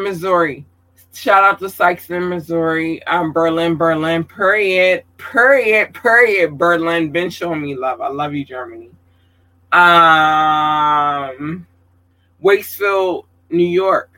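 A man giving casual livestream shout-outs to viewers, effusive and affectionate, calling them babies and swearing casually. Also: on the high side, rough recording.

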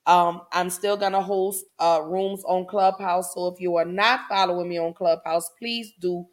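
Woman podcast host, low voice, flat even delivery, warm encouraging casual talk, heartfelt affirmations. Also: moderate pace.

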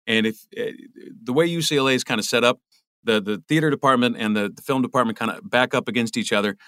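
A middle-aged man chats casually as a voice actor guest, often restarting and repeating words. His voice sits at an ordinary pitch, recorded dry with no room sound. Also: fast talker, a bit bright, no room sound. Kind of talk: casual interview chat.

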